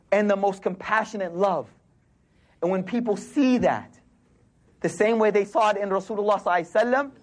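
High husky-voiced man preaching. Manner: casual street slang, storytelling with quoted voices. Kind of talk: sermon.

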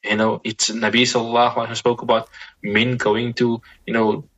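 A man speaking as an Islamic scholar guest gives measured, reflective advice. His mid-range voice is a bit bright but utterly flat in delivery, and the audio has its highs cut off. He often repeats and restarts phrases, interjecting religious expressions.

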